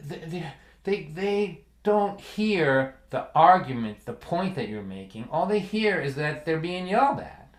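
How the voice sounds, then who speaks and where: A man spins a story between songs, chatty and animated, with a slightly raised voice. The sound rings in a roomy, echoey space. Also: a little high, measured pace. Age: 60s. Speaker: folk singer and livestream host. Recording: roomy echo.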